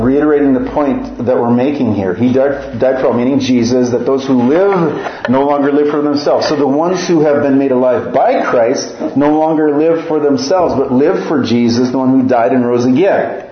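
A man's voice: medium pitch, reverberant, lo-fi sound. A man from northern Minnesota with a slight Upper Midwest American accent, preaching a sermon as pastor and reading scripture aloud with earnest emphasis.

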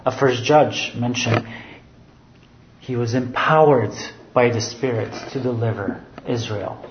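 A man's voice: medium pitch, fairly even intonation, unhurried, slight background noise. A man preaching a sermon who explains scripture and keeps restating his phrases. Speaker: pastor. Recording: roomy, dull sound.

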